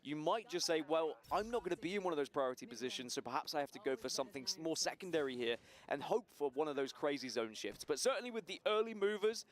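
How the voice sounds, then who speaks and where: A man giving measured, analytical esports commentary. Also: on the high side, lively intonation.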